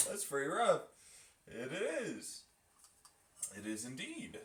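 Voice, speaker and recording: A man's voice: on the high side, wildly swooping pitch, takes it slowly, pauses often, fairly bright tone. A man ranting to camera in a profane, mocking, sarcastic way while pulling an espresso shot. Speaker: vlogger. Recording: echoey room, far from the mic.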